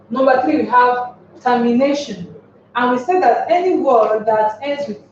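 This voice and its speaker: A woman teacher explains at a very slow pace, often repeating herself and posing questions to the class. Her voice is fairly high and sounds distant from the mic. The recording is dull, with heavy room echo. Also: slight background noise. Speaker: English teacher.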